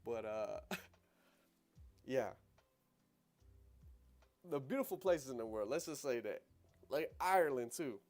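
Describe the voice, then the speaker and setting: A man's voice: mid-range voice, expressive, takes it slowly, long pauses, a little mellow, soft background music. Slangy young American guy chatting loosely. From United States. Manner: slangy and loose, peppered with "bro" and "you know what I'm saying"; laughs easily, rambling asides. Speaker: livestream host. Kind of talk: casual livestream chat.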